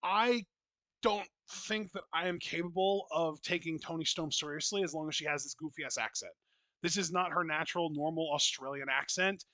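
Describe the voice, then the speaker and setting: A man's voice: fairly high pitch, moderate pace, pushed and bright, no room sound. A man co-hosting a casual podcast, talking in a blunt, opinionated and profane way, with rambling restarts. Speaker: wrestling podcast co-host.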